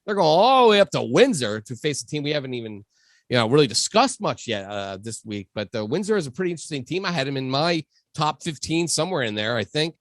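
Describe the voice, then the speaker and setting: A man hosting a casual high school football podcast, talking emphatically and swinging from loud to low. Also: fast, no room sound. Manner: lively, emphatic, shifts between loud and low. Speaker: podcast host. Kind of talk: casual sports podcast chat.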